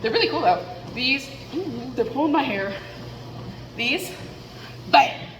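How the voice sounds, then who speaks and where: A woman's voice: high-pitched, lively intonation, slow pace, slight background noise. Chatty woman rambling in an echoey room. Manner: chatty, self-deprecating, thinks aloud. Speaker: vlogger. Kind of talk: candid rambling monologue. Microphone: headset mic.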